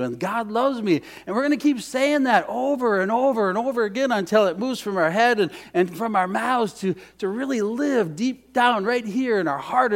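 Pastor, male, high voice, preaching with dynamic swings and repeated phrases. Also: vocal fry. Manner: dynamic, swings from hushed to emphatic. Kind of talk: sermon.

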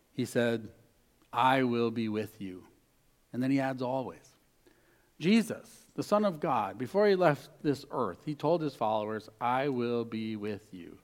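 A man preaching a sermon as a pastor, mostly soft and intimate, with lively bursts. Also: medium pitch.

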